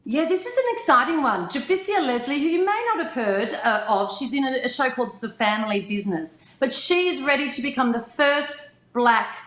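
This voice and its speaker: A woman's voice: high-pitched, lively intonation, brisk, hardly any pauses, a bit bright, roomy sound, low-quality recording. A woman reporting film news in a casual chat, upbeat and fluent with some fillers.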